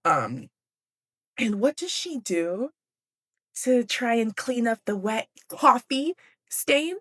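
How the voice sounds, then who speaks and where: A woman's voice: on the high side, big pitch swings, takes it slowly. A young woman hosting a book podcast, chatty and giggly, casually swearing as she recaps a classic novel.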